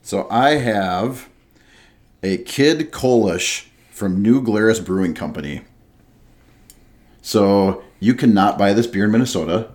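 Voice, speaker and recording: Man, low voice, easygoing co-host banter. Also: slow pace, darkish tone. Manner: joking, reads beer label aloud. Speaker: podcast co-host. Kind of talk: casual chat.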